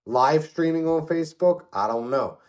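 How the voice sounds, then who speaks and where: With a fairly high pitch, lively intonation and moderate pace, this middle-aged podcast co-host chats and tells stories casually. His opinionated talk rambles, turns profane, and is full of "you know what I mean".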